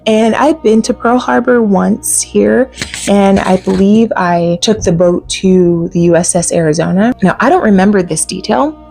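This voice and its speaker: A woman hosting a casual solo podcast, chatty and animated, laughing often and saying "like" a lot. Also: medium pitch, moderate pace, vocal fry, faint music behind. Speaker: podcast host. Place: home.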